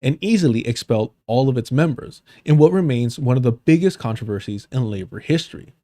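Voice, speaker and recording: A man's voice: medium pitch, animated, a little fast, warm tone, no echo, clean studio sound. A man hosting a livestream, reading an article aloud and breaking off into profane, joking asides. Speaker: livestream host.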